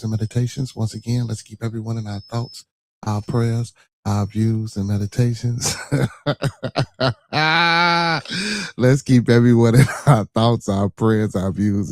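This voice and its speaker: Casual young male podcast host, lowish mellow voice, rambling and repetitive. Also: dry recording. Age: 20s. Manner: laid-back, rambling, repeats phrases and shout-outs. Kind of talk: casual livestream podcast talk.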